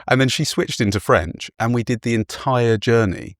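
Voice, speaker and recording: A man's voice: mid-range voice, normal speed, no echo, clean studio sound. A man from England, a podcast host, telling a travel story in a chatty, self-deprecating way and laughing often. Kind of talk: casual storytelling chat.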